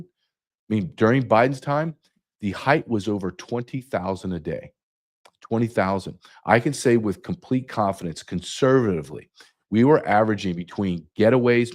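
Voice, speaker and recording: A man's voice: lowish voice, darkish tone. A man speaking as a guest, emphatic and repeating key numbers for effect. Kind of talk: emphatic interview talk.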